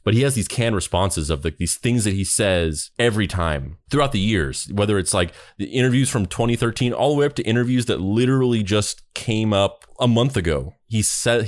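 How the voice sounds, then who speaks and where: Low-voiced guy chatting on a podcast, loose and rambly, dry close sound. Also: lively intonation, moderate pace, hardly any pauses, no echo. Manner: rambling, many restarts and fillers. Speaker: podcast host. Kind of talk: casual chat.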